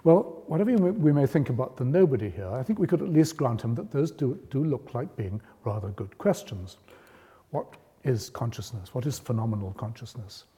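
A man giving a public lecture, speaking in a measured, explanatory way and lifting his voice on key points. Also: medium pitch, lively intonation, warm tone. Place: lecture hall. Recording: long reverb of a lecture hall.

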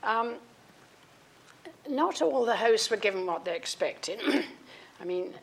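A woman's voice: a little high, lively intonation, slow pace, gravelly. An older woman, an author giving a public talk, reads passages from her own book and fills the gaps with ums and restarts. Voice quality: frequent ums and restarts between readings.

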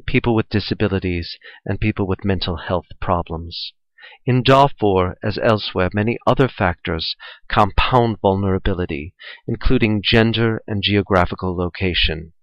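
A man reading a research article aloud in a measured, formal, even way, as a scripted reading. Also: fairly low pitch, dry recording. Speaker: reader of a report. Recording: dull, dry, lo-fi recording.

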